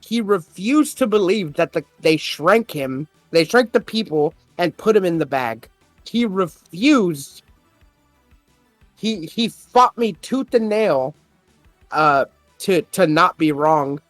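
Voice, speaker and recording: A man's voice: high voice, lively intonation, slow pace, fairly bright tone, no room sound, soft background music. A man on a podcast, casually telling a story, swearing often and getting worked up as he retells an argument. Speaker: podcast host. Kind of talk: casual chat.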